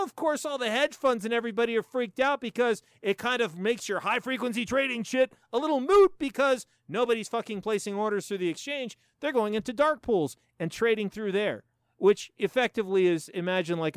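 A man's voice: sits high, fairly quick, smooth, dry recording, studio quality. A man in his forties hosting a profane, sarcastic commentary show, ranting with lots of swearing. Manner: animated, sarcastic, swears a lot. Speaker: show host.

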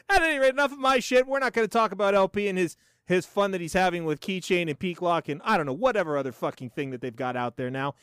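A man's voice: high voice, quick pace, few pauses, clear, resonant tone, no room sound, clean studio sound. A man in his forties hosting a profane, sarcastic commentary show, ranting with lots of swearing. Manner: animated, sarcastic, swears a lot. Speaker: show host.

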